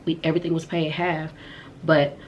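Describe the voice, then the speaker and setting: A woman's voice: low voice, completely flat delivery, normal speed, dull audio, slight background noise. A young woman vlogger telling a story to her viewers in a candid, slangy and emphatic way. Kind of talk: storytime vlog.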